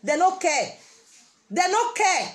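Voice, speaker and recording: A woman's voice: very high voice, very animated, slow. A woman with a Nigerian Pidgin English accent giving a casual motivational talk, repeating her phrases for emphasis. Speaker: vlogger.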